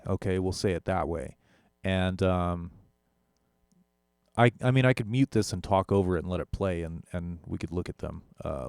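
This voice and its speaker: A man's voice: fairly low pitch, darkish tone, clean tone, no room sound, clean studio sound. A young man, a musician, casually talking through an audio gear comparison, rambling and correcting himself as he goes. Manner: rambling, self-correcting, with frequent fillers. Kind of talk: casual tech demo talk.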